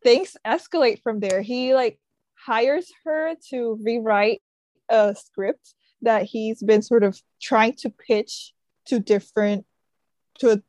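A woman podcast co-host with a fairly high, warm voice casually retells a book's plot. She's chatty and leans constantly on fillers like "like" and "sort of." The recording is dry.

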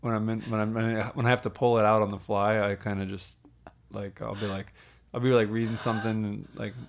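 Gravelly-voiced joking man podcaster. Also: fairly low pitch, flat delivery, brisk. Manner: joking, teasing banter. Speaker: podcast co-host. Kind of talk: casual podcast chat.

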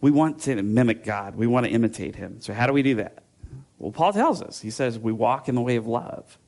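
A man preaching in a relaxed, conversational way, his voice middle in pitch with a gravelly edge. He wanders through personal anecdotes with fillers and self-corrections, then settles into reading scripture. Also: fairly quick. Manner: casual, rambling storytelling with fillers and self-interruptions. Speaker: pastor. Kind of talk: conversational sermon with personal stories.

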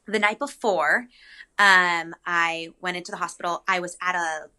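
Chatty young woman with a bright voice. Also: on the low side, normal speed. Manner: chatty, animated storytelling with many "like"s and "um"s. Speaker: guest telling her birth story. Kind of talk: casual chat.

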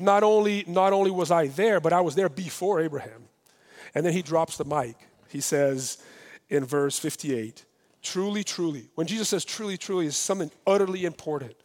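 A man preaching a sermon, lively and emphatic, acting out the dialogue of scripture with rising intensity. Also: on the high side. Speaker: pastor. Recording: long hall reverb.

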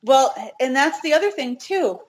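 Brief: middle-aged woman, interview guest, animated storyteller, voice swoops up when quoting people. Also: high voice, moderate pace. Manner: animated, acts out quoted dialogue.

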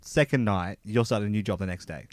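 A man's voice: fairly low pitch, fast talker, no echo, clean studio sound. A man co-hosting a casual podcast, teasing and prompting the guest's story. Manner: lively, teasing interviewer. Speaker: podcast co-host.

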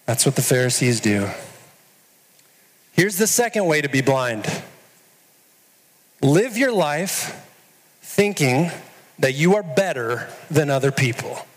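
A man's voice: fairly high pitch, very animated, takes it slowly, long pauses, in a large hall, rough recording. A man preaching a sermon as pastor, earnest and putting direct questions to his listeners.

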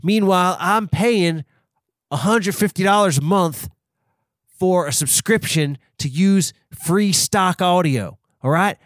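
A man putting on a cowboy voice as a blustering defendant, with a slow folksy western drawl. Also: sits high, dry recording, studio quality, voice pushed up. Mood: indignant. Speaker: podcast co-host.

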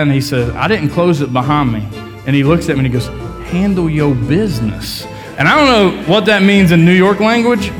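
A man co-hosting a casual chat, telling a story and acting out the people in it. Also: high-pitched. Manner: animated storyteller, acts out quoted people. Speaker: podcast co-host.

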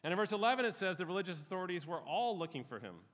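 A man's voice: high voice, big pitch swings, very fast, a bit bright. A man giving an informal, conversational Bible teaching, with frequent ums and uhs. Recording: reverberant hall.

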